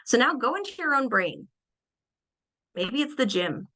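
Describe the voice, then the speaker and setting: A young adult woman presenting a webinar lecture on behavior, animated and acting out little everyday scenes in changed voices. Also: a little high, a little slow, rough recording.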